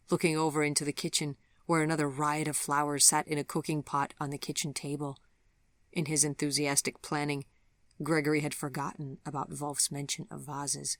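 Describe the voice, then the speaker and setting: An audiobook narrator, a woman with a low-pitched voice, reads a gentle fairy tale in soft, measured scripted narration. The recording is close and dry, with no echo.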